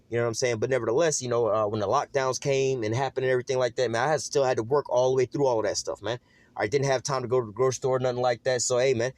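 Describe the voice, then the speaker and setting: A man preaches a casual scripture lesson, talking quickly and loosely, with "man" and "you know" in nearly every breath. His voice sits at an ordinary middle pitch. The recording is dry and close, with almost no room sound. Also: darkish tone, dry recording. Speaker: lay preacher.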